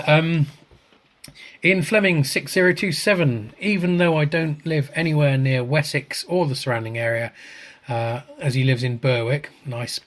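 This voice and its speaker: A man co-hosting a podcast on a video call, reading out viewer comments in a relaxed chat, chuckling often and restarting his sentences. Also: fairly high pitch, normal speed. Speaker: podcast co-host.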